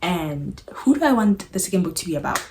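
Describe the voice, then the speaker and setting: A young woman booktuber gushes about a book to camera, chatty and full of likes and ums. Her fairly low voice is very animated, fairly quick, and a little mellow, recorded in an echoey room with background noise.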